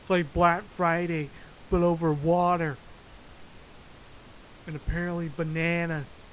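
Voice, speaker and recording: A podcaster delivers an unhurried, swear-filled rant about everyday chaos, chuckling every few lines. The voice sits at a middling pitch and keeps a loose, storytelling rhythm. A faint hiss runs under the recording. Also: poor audio. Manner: profane, frequently laughing, animated storytelling. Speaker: podcast host. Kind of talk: casual solo rant. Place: Florida.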